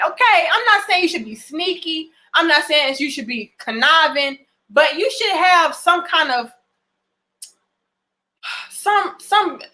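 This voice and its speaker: Blunt, bright-voiced woman giving advice. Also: high voice. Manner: blunt and emphatic, swears freely; repeats and restarts phrases. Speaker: relationship vlogger. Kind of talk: casual direct-to-camera advice.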